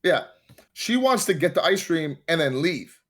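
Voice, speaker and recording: A young man hosting a podcast, telling a dating story in a casual, animated way and swearing freely. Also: on the high side, normal speed. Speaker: podcast host.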